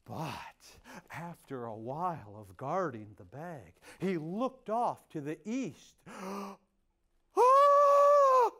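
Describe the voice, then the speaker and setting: A man's voice: on the high side, very animated, slow pace. A middle-aged man telling traditional folk tales to a live audience in a theatrical style, with gasps and sound effects. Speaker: storyteller.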